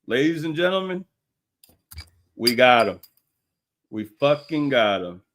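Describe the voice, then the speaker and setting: A man's voice: mid-range voice, sing-song, slow, a bit bright. A man hosting a casual live stream, talking in a slangy, profane way and laughing often.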